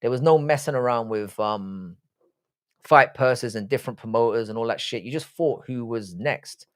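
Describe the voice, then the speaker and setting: A man's voice: mid-range voice, moderate pace. A British man hosting a live stream, chatting casually and reading out viewer comments. He rambles and swears freely, often restarting his sentences. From Britain. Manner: rambling, frank and profane, many restarts.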